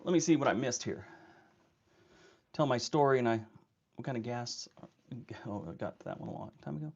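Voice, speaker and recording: A man's voice: medium pitch, expressive, vocal fry, slightly rough, muffled recording. Chatty man on a livestream. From California. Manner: rambling, chatty, quick to laugh. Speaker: livestream host. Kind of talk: casual livestream chat.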